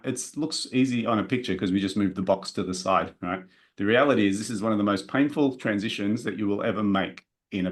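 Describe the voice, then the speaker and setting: Energetic man presenting a seminar. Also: lowish voice. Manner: energetic, direct, talks to the audience. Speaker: business coach presenting a workshop.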